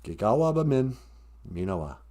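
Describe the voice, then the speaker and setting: A man's voice: medium pitch, sing-song, moderate pace, dark tone. Easygoing man hosting a podcast. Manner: joking, easygoing banter. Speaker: podcast host. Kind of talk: casual live-stream chat.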